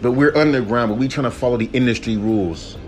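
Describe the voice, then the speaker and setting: A young man with a medium-pitched voice talks fast while hosting a solo podcast over soft background music. His rant is heated and profane, and he sometimes mocks the people he criticizes in put-on voices.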